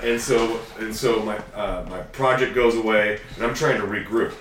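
Lowish-voiced man telling stories in an echoey room. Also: moderate pace, recorded from a distance, slight background noise. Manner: animated storyteller, acts out dialogue loudly. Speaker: guest. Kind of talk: casual storytelling interview. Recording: echoey room, a bit off-mic, faint ambience.

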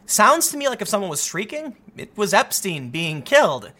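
A man talking through a casual commentary monologue, animated and often restarting his sentences. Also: high voice, moderate pace. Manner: animated, repeats himself, many restarts. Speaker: commentary host.

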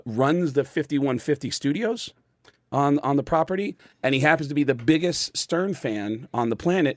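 A man's voice: mid-range voice, a bit bright, no room sound. A comedian guest in a studio, telling a casual story with many fillers and restarts, acting out the people he quotes.

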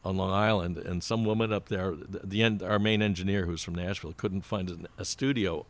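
A man's voice: sits low, steady tone, brisk. A man, a music producer, telling rambling anecdotes in a casual chat, often breaking into laughter. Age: older.

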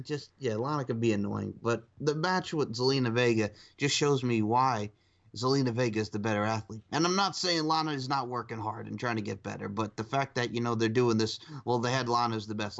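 A man co-hosts a casual wrestling chat. His voice sits at an ordinary middle pitch, and he talks in an animated way, laughing often. The sound is dull and lo-fi. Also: vocal fry. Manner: animated, laughs often, acts out quotes in a high voice. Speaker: podcast co-host.

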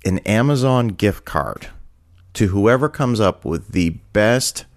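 A man's voice: lowish voice, slow pace. A middle-aged man from Halifax hosting his own podcast, telling a story casually and animatedly, briefly acting out the voices of the people in it. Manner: animated, acts out voices in anecdotes. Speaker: podcast host.

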